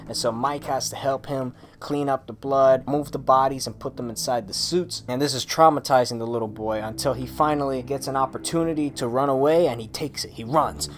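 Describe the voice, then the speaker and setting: A man giving a casual, excitable monologue, emphatic and full of swearing. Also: medium pitch, a little fast, few pauses. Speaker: video creator.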